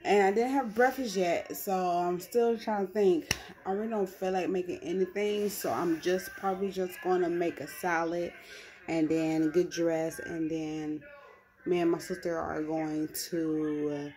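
A young woman chatting casually to the camera in a vlog, with an animated, storytelling manner. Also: fairly low pitch, unhurried. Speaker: vlogger.

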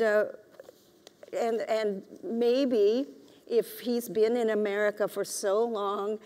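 A woman's voice: mid-range voice, darkish tone. An author giving a lecture and reading from her novel, a woman who speaks hesitantly with many fillers. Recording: reverberant lecture hall.

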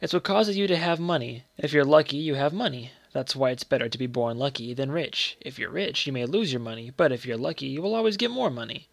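Man reading a bitter, worn-down mother in a storybook reading; slow and dry. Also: medium pitch, creaky, no room sound, close to an everyday voice. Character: bitter, weary mother of modest means.

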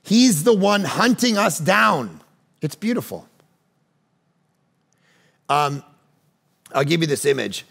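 A man preaching a sermon as pastor, swinging from loud urgent appeals to quiet teaching. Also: a little high, big pitch swings, takes it slowly, creaky, pauses often, slightly rough. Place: church stage.

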